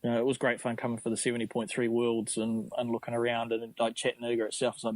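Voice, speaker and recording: A man's voice: mid-range voice, monotone, quick pace, darkish tone, no echo, rough recording. Easygoing Kiwi man, dry close sound. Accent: New Zealand. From New Zealand. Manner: easygoing, chatty, laughs often. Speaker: podcast guest, triathlete. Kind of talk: casual interview chat.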